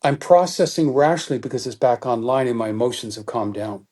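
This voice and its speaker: A middle-aged man as a guest expert in an interview, explaining in an animated teaching manner and acting out quoted thoughts. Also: medium pitch, a little fast.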